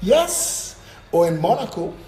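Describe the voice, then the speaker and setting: Trinidadian man, call-in host, high voice, brisk and blunt with a mocking edge. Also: big pitch swings, warm tone. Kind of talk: call-in talk show.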